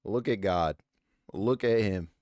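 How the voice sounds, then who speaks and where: A man's voice: lowish voice, takes it slowly, darkish tone, dry recording, clean studio sound. A man streaming live, gushing over fan art with hyped, slangy, profane chatter at a desk microphone. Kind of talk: excited live-stream chat.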